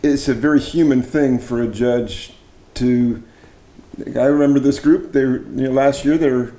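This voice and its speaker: A man's voice: medium pitch, fairly even intonation, normal speed, mellow, roomy sound. A middle-aged man from Canada interviewing a fellow singer, chatty and admiring. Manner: enthusiastic, admiring, chatty with restarts. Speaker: interviewer, barbershop arranger and judging chair. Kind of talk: casual interview.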